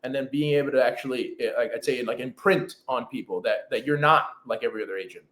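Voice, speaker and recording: A real estate script trainer who calls himself a fast talker chats casually in an interview, full of fillers and restarts. His voice is medium in pitch with a fairly bright tone, and the recording has a roomy echo.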